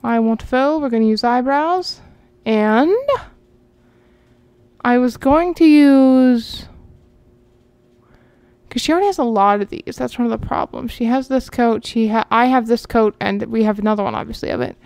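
As she plays, a woman chats with her channel's viewers in a loose, rambling manner, thinking out loud along the way. Her slightly high voice is smooth and clear, at normal speed with long pauses, recorded close and dry with no echo.

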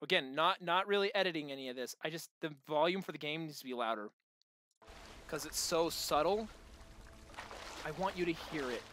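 Goofy high-voiced man playing a game. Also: lively intonation, normal speed, long pauses, a little hiss or hum. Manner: goofy, talks to game creatures, sudden yells. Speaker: gameplay video host. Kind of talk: let's play commentary.

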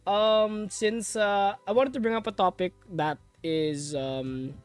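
A man's voice: sits high, slow pace, smooth, soft background music. A young man from the Philippines hosting a casual podcast, rambling and laid-back, swearing offhandedly. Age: young adult. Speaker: podcast host. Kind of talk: casual chat.

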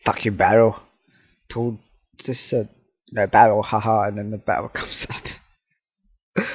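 A man's voice: on the low side, flat delivery, slow, pauses often, breathy edge, no echo, highs cut off. A man commentating his own horror game play, jumpy, swearing, laughing and talking to objects in the game. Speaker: gaming channel host.

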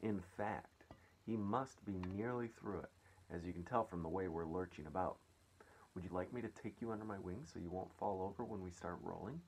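A man voicing a kind, gentle female ladybird in a read-aloud storybook, speaking calmly and reassuringly. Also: deep voice, normal speed, a little hiss or hum. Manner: calm, reassuring storybook reading.

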